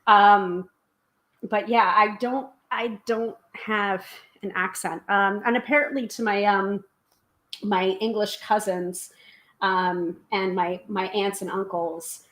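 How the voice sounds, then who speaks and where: Hosting a loose, chatty tarot live stream, this American woman speaks in an ordinary mid-range voice that is steady in tone and a little bright. She talks quickly, fills pauses with "um," and stops to read her viewers' comments out loud.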